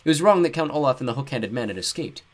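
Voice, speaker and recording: A man narrating an audiobook with expressive storytelling and wry asides. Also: medium pitch, quick pace. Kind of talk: scripted narration.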